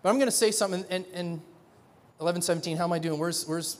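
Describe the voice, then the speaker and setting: A middle-aged man preaches in a loose, conversational way, restarting phrases and acting out little scenes. His voice sits high for a man. The sound rings with the long reverb of a large church hall. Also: quick pace. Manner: animated, conversational, many restarts, acts out dialogue. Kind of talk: sermon.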